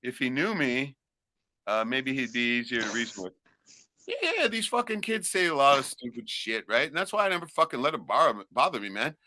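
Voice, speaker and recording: A middle-aged man rants on his livestream, profane and rowdy after a few beers. His voice is bright and cutting, and his pitch swings all over. The sound is dry and close. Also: sing-song, fairly quick, no room sound. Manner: profane, rowdy, loud ranting. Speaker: livestream host. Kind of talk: casual livestream rant.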